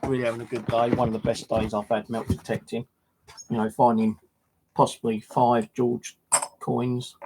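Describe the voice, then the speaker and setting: A man's voice: mid-range voice, flat delivery, normal speed, a little mellow, a little hiss or hum, rough recording. A man with a casual, rambling way of talking, telling his viewers about his day detecting. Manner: rambling, conversational, with fillers and slang. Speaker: metal detecting vlogger. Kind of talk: casual storytelling to camera.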